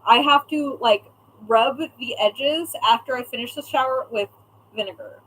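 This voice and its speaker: A woman's voice: a little high, moderate pace, fairly bright tone, poor audio. A young woman chatting casually on a live stream as a craft shop owner, reading out viewer comments and swearing now and then.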